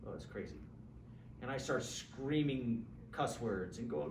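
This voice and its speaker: A man's voice: medium pitch, measured pace, gravelly. Guy lecturing philosophy, chatty, acts out examples, echoey classroom, faint hum behind. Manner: lively, conversational, acts out examples with asides to students. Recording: roomy, distant mic with faint background hum.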